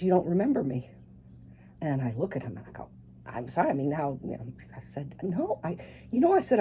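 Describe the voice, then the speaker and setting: A middle-aged woman, an author being interviewed on the radio, telling a personal story with animated quoted dialogue. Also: low-pitched, breathy edge. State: tearful at moments.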